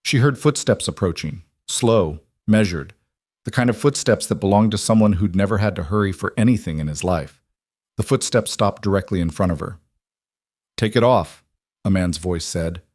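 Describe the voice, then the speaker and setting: A low-voiced man reads a scripted audiobook story in a steady, measured way. The sound is close and dry, without any room echo.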